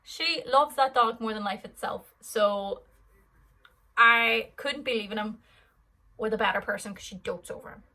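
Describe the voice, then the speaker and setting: A woman's voice: fairly high pitch, normal speed, bright, forceful tone, rough recording. An Irish woman in her twenties answering fan questions in a casual vlog, rambling and chatty with lots of fillers. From Ireland.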